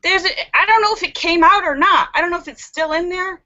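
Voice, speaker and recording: Bright, chatty woman on a live stream. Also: very high-pitched, fast talker. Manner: chatty and animated, giggles often. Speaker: live-stream host reading viewer comments. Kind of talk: casual live-stream chat. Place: room at home by a window. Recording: slightly muffled lo-fi.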